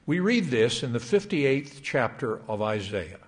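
An older man delivering a sermon to young adults, reading scripture in a measured, emphatic way. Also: mid-range voice, very animated. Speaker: church speaker.

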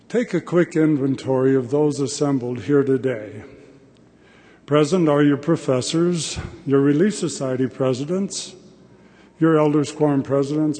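An older man delivers a devotional address in a large hall, speaking plainly and with measure. His voice sits a little high but sounds mellow and dark. The long reverb of the hall trails after his words.

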